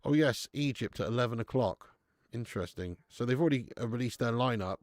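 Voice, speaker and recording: A man's voice: mid-range voice, a little fast, dry recording. A man hosting a live football watch-along, chatting casually, bantering with viewers and swearing now and then.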